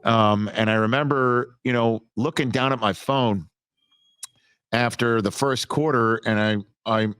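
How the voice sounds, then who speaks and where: A male sports broadcaster as an interview guest, telling stories in a lively, casual way with frequent restarts. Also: mid-range voice, measured pace, smooth, no room sound. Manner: animated storyteller with many restarts.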